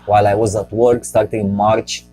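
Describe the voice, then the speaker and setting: Man, show host, casual rambling chatter, lowish voice, faint music behind. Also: level tone, moderate pace, dark tone, low-quality recording. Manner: rambling and joking, talks to himself. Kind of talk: casual solo stock-market talk.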